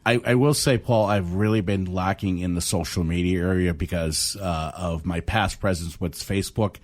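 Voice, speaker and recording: A man's voice: low voice, fairly even intonation, moderate pace. An older man with a Boston accent, a trivia host chatting as a guest on a radio talk show in a rambling, self-deprecating way. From South Boston. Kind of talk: casual radio interview.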